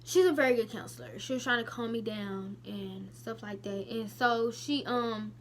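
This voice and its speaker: A young woman vlogger telling a personal story to her viewers in a casual, emotional, animated way with many asides. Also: fairly high pitch, moderate pace.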